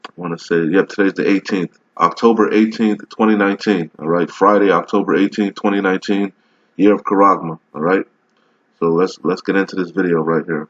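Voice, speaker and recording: A man's voice: low voice, fairly even intonation, brisk, muffled recording. A man giving casual, emphatic religious commentary over a video, rambling and often asking "all right?". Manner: rambling with many restarts while browsing.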